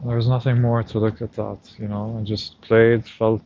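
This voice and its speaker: Low, flat-voiced man talking on a night walk. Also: normal speed, lo-fi sound, a little hiss or hum. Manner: reflective, recounting a story aloud. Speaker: vlogger. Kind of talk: casual night-walk monologue. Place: outdoors on a street at night.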